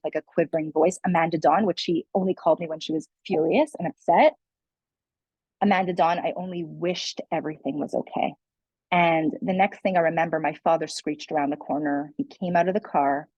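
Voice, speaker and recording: A woman's voice: sits low, darkish tone, no room sound, rough recording. A young adult woman, a guest speaker, telling her personal story in a candid, earnest way with many "like" and "you know" fillers. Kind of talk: personal testimony in a conversation.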